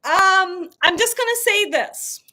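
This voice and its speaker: Cooking lady on a live stream, high voice, takes her time, laughs a lot, reads out chat. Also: animated, slow pace, sharp tone. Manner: laughs often, emphatic and playful; reads viewer comments aloud. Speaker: cooking channel host.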